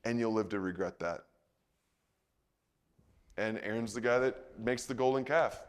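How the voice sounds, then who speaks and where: A man's voice: lowish voice, unhurried, smooth. A man teaching through Bible passages in a casual, conversational way, with asides and frequent "okay?" checks.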